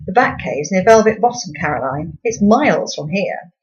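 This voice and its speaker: A woman's voice: medium pitch, expressive, normal speed, lightly acted. Brief: woman reading an irritable, curt dad in a storybook, dull recording. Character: terse, irritable father, middle-aged man.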